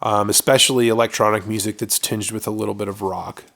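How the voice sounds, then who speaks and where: A man co-hosting a podcast in a casual chat, agreeable and quick with short replies of agreement, laughing easily. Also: on the low side, fairly even intonation, gravelly, a bit bright. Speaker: podcast co-host.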